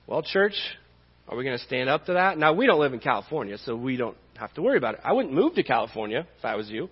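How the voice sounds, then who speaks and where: A man's voice: mid-range voice, sing-song, fast, breathy edge. A man preaching a sermon as pastor, impassioned and conversational, with emphatic peaks. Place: church sanctuary. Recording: dull reverberant church hall.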